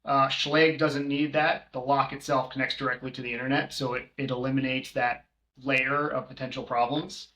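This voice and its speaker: A man in casual podcast conversation, working through lists with plenty of ums and restarts. His voice sits at a middle pitch. The room around him adds a noticeable echo. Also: little pitch movement, normal speed, pushed and bright. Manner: rambling, many filler ums, listing prices. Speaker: co-host, short-term rental manager. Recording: roomy echo.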